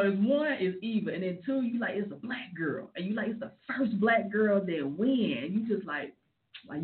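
Chatty woman on tinny lo-fi audio. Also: mid-range voice. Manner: chatty, opinionated, with frank asides. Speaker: celebrity gossip commentator. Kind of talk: casual celebrity gossip commentary.

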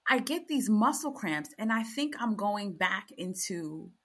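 A woman's voice: medium pitch, big pitch swings, unhurried, a bit bright, breathy edge. A middle-aged woman on a panel, telling her story bluntly and animatedly with plenty of profanity. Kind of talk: candid panel chat.

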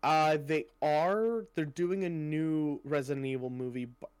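A young man with a slightly raised pitch talks loosely in a casual podcast chat. He rambles through fillers and drops swear words offhandedly. The sound is dry and close. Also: a little slow, a little mellow, clear, resonant tone, no room sound. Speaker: podcast co-host.

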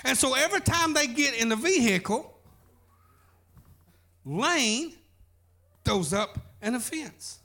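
A man's voice: very high voice, lively intonation, slow pace, pauses often, sharp tone. A man preaching a sermon, telling a folksy story as pastor.

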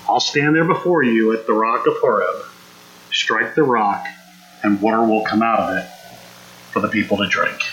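A man's voice: on the low side, moderate pace, a bit bright, reverberant, low-quality recording. A man preaching a conversational sermon, acting out quotes and asking the congregation questions. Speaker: pastor.

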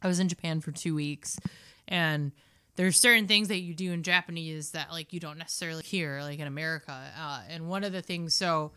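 A woman co-hosting a podcast in casual chat, telling animated stories and laughing often. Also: sits low, a little fast, clean tone. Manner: animated storyteller, laughs often and mimics voices. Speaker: podcast co-host.

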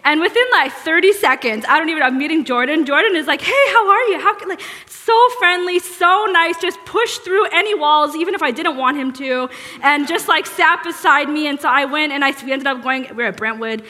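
Young woman, high bright voice, rambly funny story, big church hall echo. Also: brisk. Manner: chatty, self-deprecating storytelling with many fillers. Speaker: guest speaker, next gen director. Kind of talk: casual sermon opening. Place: church auditorium. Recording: long reverb of a church hall.

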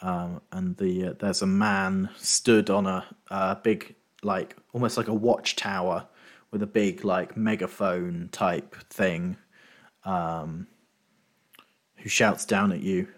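A man running a tabletop game as game master, narrating scenes with frequent ums and pauses. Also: sits low, level tone. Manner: hesitant, lots of ums while describing.

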